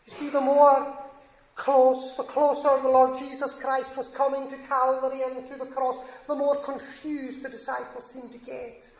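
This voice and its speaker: A man's voice: very high-pitched, completely flat delivery, normal speed. A man preaching a sermon in an earnest, emphatic way, lifting his voice on scripture quotes. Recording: echoey room.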